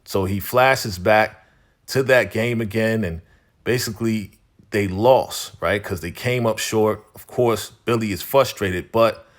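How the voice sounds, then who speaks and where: A man with a somewhat low voice recaps a TV episode in loose, casual narration. He talks conversationally, doubling back to repeat phrases and filling gaps with "you know.". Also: measured pace.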